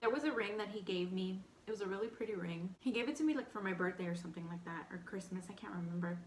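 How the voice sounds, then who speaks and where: A young woman with a light Texan accent casually telling a personal story between bites, animated and candid, full of "like". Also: mid-range voice, fast talker, reverberant, a little hiss or hum. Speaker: vlogger. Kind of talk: storytime eating show chat.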